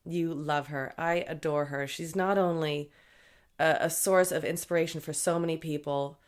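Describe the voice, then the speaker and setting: Woman, podcast host, chatty, bubbly, self-mocking humor, slightly low voice. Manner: bubbly and chatty, jokes and laughs at herself. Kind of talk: solo podcast intro monologue.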